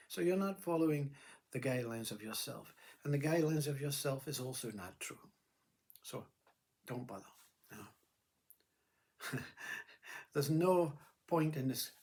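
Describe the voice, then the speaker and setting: A man's voice: medium pitch, creaky. Guy rambling about the mind and life, ordinary middle voice, says you see you know a lot, kinda blunt. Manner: meandering, repeats "you see" and "you know", blunt earthy words. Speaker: spiritual speaker. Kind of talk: rambling philosophical monologue.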